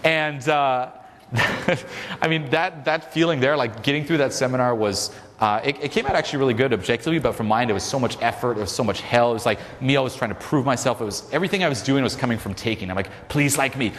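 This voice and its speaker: A man leading a seminar, coaching a live audience in a loud, profane, energetic way. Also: mid-range voice, fast. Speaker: seminar leader. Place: large hall with a live audience. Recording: echoey hall with crowd noise.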